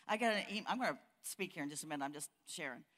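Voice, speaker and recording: A woman's voice: low voice, expressive, rapid-fire, a bit bright. An older woman preaching a sermon at a church conference, folksy and storytelling, building to fiery emphasis. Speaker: conference speaker.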